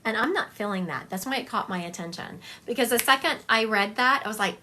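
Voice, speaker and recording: A woman's voice: fairly high pitch, expressive, fairly quick, hardly any pauses, bright, forceful tone, slight background noise. A woman giving a psychic medium reading on a live stream, talking in a chatty, confiding way and thinking aloud as she goes.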